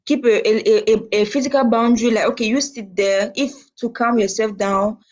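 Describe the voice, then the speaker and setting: Woman host asking halting follow-up questions. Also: on the high side, steady tone, muffled recording.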